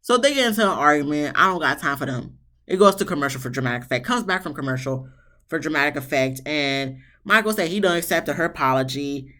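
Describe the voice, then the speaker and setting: A reviewer recapping a reality show episode in a blunt, sassy, casual way, swearing freely and jumping into high, exasperated tones. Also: lively intonation, quick pace, bright, forceful tone. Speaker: TV show reviewer, channel host.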